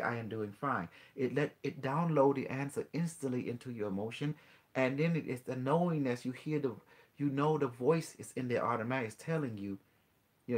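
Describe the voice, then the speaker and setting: A man hosting a call-in show, earnestly explaining ideas in halting, non-native English, with many restarts and rhetorical questions. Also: medium pitch. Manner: earnest explaining, mixes in quoted dialogue with a device. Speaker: host.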